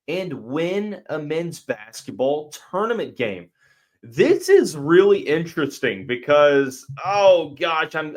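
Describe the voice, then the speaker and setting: Man talking sports on a podcast. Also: on the high side. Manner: thinking aloud, frequent fillers and restarts. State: has the hiccups. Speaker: podcast host. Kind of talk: casual sports podcast talk.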